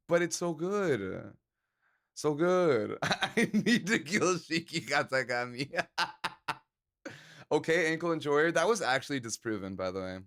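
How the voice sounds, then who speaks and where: A man's voice: fairly high pitch, fairly bright tone. A man live-streaming and chatting casually with his viewers, joking around and laughing often.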